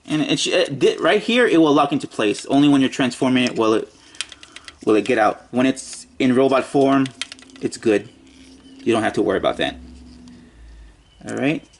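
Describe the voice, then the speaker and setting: A man's voice: medium pitch, lively intonation, normal speed, vocal fry, long pauses, a little hiss or hum. A man giving a casual toy review, muttering and joking to himself as he handles the figure.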